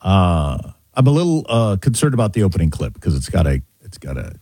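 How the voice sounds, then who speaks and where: A man's voice: low-pitched, brisk, husky, dry recording, clean studio sound. A man co-hosting a talk radio show, chatting wryly. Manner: animated, chatty, wry. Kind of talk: casual talk radio banter.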